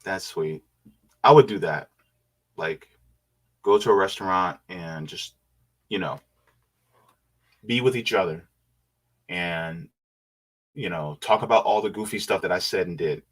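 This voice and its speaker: Man, lowish voice, slow unhurried delivery, relaxed livestream commentary, humming asides. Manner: laid-back, musing, with quiet hums and asides. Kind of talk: casual livestream commentary reading viewer comments.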